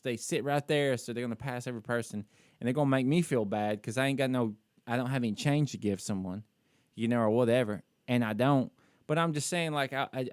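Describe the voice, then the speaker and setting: A man's voice: mid-range voice, smooth, no room sound. Candid self-critical man telling a story. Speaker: podcast co-host. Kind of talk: casual chat.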